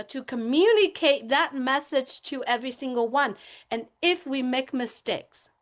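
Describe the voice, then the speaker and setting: A high-pitched woman on a webinar panel lectures with emphatic passion, repeating herself as she keeps returning to the same points.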